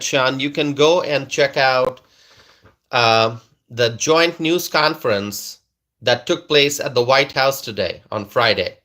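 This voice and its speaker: A man with a bright, forceful, fairly high voice hosts a casual livestream from a home setup. He talks slowly and emphatically, repeats his phrases and keeps turning to his audience with questions. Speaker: livestream host reading viewer comments. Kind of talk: casual political livestream chat.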